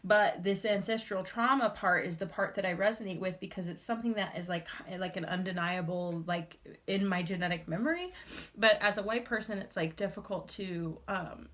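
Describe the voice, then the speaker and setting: A young woman reads tarot to camera in a casual, heartfelt way. She rambles, restarts and piles on fillers, sounding moved and earnest. Her voice sits at a middle pitch. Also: moderate pace, fairly bright tone. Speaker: tarot reader. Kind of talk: casual tarot reading monologue.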